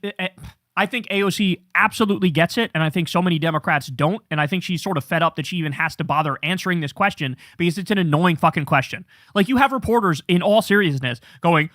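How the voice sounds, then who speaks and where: Animated, swearing political commentator man. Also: sits high, no echo, clean studio sound. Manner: profane, animated, mocking impressions of opponents.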